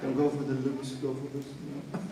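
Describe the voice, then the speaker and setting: A man's voice: mid-range voice, monotone, fairly quick. A man presenting a live comedic demonstration, joking and teasing the crowd and calling for audience responses. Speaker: cultural show presenter. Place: outdoor show area with a crowd. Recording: echoey, distant, crowd noise.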